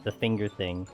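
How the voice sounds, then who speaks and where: A man streaming a game, chatting casually with friends in a loose, rambling way and laughing often. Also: very high voice. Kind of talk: casual chat while gaming.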